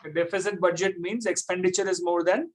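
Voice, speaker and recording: Man, classroom lecture, quick delivery, repeats himself, keeps quizzing students. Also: high-pitched, fairly even intonation, slight background noise. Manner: repetitive, checks students often. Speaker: economics teacher.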